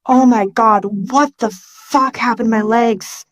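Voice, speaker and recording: A woman voicing a crude, panicky young male robot who turns into a car, excitable and whiny in a storybook reading. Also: fairly high pitch, takes it slowly, dry recording, studio quality. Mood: disgusted.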